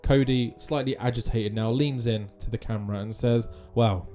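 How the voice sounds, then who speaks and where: A man's voice: medium pitch, steady tone, moderate pace, warm tone, soft background music. A man giving casual, offhand commentary on a wrestling game.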